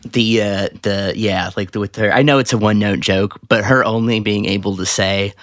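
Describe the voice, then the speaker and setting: Man, southern us accent, podcast co-host, lowish voice, dry close mic, chatty and laughing. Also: normal speed, dry recording. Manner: animated, laughs often, mimics lines in a higher voice. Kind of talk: casual chat.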